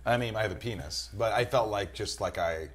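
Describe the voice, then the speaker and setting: A middle-aged man from New York chatting as a podcast guest, telling animated stories, swearing freely and acting out other people's voices. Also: on the low side, a little fast. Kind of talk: casual podcast chat.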